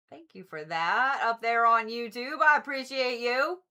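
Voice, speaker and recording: A woman's voice: a little high, animated, unhurried, few pauses, bright, forceful tone, clean tone. A woman doing casual zodiac card readings on a livestream, chatty and blunt, swearing freely and talking straight to her viewers. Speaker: Reiki practitioner and tarot reader.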